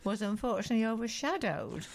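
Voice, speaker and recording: A woman's voice: on the high side, expressive, fast talker, creaky, darkish tone. A woman, hosting a nostalgic chat and reading out facts conversationally. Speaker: host.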